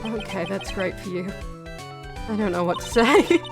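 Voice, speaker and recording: A young woman streamer commenting casually on a game she reads aloud, incredulous and quick to laugh. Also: medium pitch, lively intonation, music in the background.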